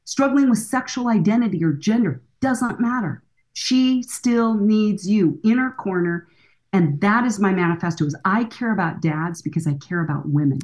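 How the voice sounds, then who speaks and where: A woman's voice: medium pitch, normal speed, darkish tone. A woman in her sixties, a counselor and author, speaking earnestly and emphatically as a guest in a podcast interview. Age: 60s.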